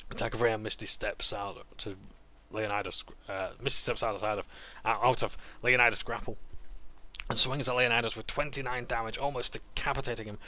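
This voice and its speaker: A man's voice: fairly low pitch, bright, forceful tone. A man recapping a tabletop game session as game master, narrating events and dice rolls.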